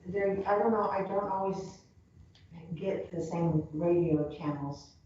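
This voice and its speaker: A woman's voice: on the low side, unhurried, warm tone. Woman, casual chatter, laughs easily, trails off; distant, roomy, dull lo-fi recording. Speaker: community radio talker. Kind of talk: casual chat. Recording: echoey room, far from mic, dull lo-fi, faint noise.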